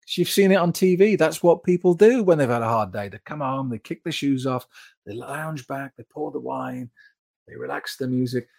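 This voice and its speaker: A man's voice: mid-range voice, moderate pace, creaky, darkish tone, no echo, clean studio sound. A man hosting a live sobriety support stream, reading out viewer comments and answering them in a chatty way.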